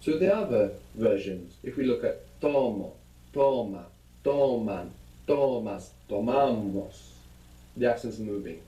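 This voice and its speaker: A man's voice: on the low side, expressive, a little slow, dark tone, roomy sound, low-quality recording. A man teaching a language lesson, patiently prompting his students with questions.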